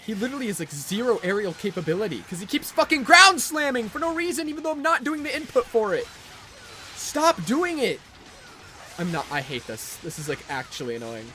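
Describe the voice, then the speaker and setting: A man's voice: high-pitched, animated, fast talker, hardly any pauses, sharp tone, a little hiss or hum. A young man streaming a video game live, ranting and swearing in frustration at his character. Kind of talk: live gameplay commentary.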